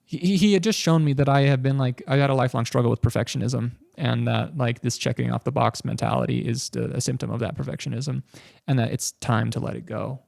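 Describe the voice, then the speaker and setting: A man's voice: medium pitch, fairly even intonation, fast talker, gravelly, few pauses, a little mellow, no room sound, studio quality. A man on a podcast as a guest, earnestly telling a personal faith story with many restarts and filler words.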